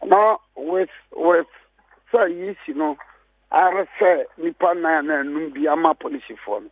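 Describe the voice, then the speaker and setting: Man, Ghanaian accent, husky, emphatic, repeats phrases, dry muffled studio sound. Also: a little high, measured pace, dry recording. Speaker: political guest. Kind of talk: heated radio panel talk.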